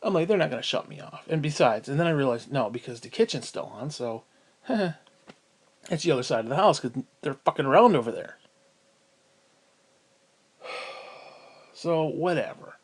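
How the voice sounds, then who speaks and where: Guy ranting at home, cussing a lot, sighs, kinda high pitched. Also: animated, unhurried, long pauses. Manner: profane, sighing, venting. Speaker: vlogger. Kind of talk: casual ranting vlog.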